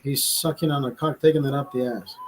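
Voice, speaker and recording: A man's voice: mid-range voice, a little hiss or hum, low-quality recording. A man hosting a casual livestream, rambling in a profane, stammering way with many restarts. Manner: laughs at own jokes. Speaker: livestream host.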